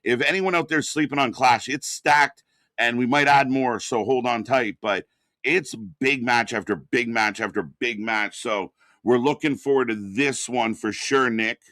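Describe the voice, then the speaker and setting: A man in a mid-range voice chats casually on a live wrestling stream. He backs up his co-host with quick agreements and explains the viewers' points game. The sound is dry and close. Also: medium pitch, bright, forceful tone, no room sound. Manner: agreeable, backs up co-host with short replies, runs chat points contest.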